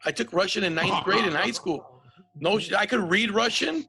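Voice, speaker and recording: High gravelly guy hosting a podcast, swears a lot, bright sharp tone. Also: fairly quick. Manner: profane, animated storyteller, says dude and bro a lot. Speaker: podcast host. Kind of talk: casual comedic chat.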